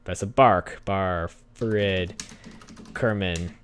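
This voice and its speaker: A man's voice: low voice, drawn-out words, a bit bright. A young man hosting a gaming channel, giving casual gameplay commentary, chatting to the characters on screen and getting easily exasperated.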